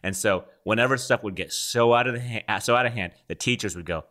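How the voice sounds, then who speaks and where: A man co-hosting a casual podcast chat, telling animated stories with laughs. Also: on the low side, fast. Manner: animated storytelling with voices and laughs. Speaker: podcast co-host.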